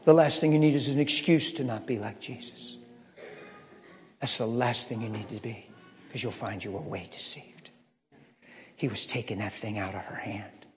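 A man preaching a personal story, swinging from hushed asides to loud emphatic lines. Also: medium pitch, moderate pace, long pauses, faint music behind. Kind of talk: storytelling sermon. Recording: long hall reverb.

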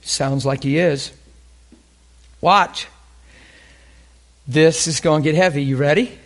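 A male preacher delivering a sermon, fervent and openly emotional, asking the congregation questions and swinging between loud emphasis and hushed near-whispers. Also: fairly high pitch, slow, creaky.

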